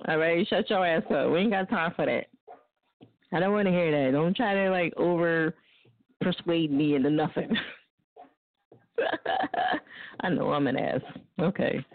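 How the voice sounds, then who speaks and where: A woman's voice: on the low side, measured pace, long pauses, no room sound. Blunt, profane woman radio host on a tinny line. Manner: blunt, profane, laughing often. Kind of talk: casual talk radio rant. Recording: dry, phone-like lo-fi line.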